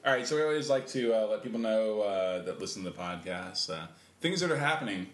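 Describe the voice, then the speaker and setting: A man's voice: on the low side, expressive, fairly quick. A middle-aged man hosting a podcast, telling rambling, laid-back stories full of fillers and laughs. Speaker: podcast host. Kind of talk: casual storytelling chat. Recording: roomy echo, faint noise.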